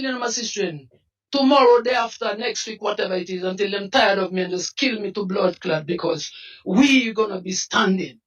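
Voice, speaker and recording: A man with a Dominican accent speaks out with fiery, pleading urgency, often breaking into shouts in a high register. He is heard from a short distance off the microphone. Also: moderate pace, highs cut off. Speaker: protest activist. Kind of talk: impassioned street interview. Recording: voice from some distance off the mic.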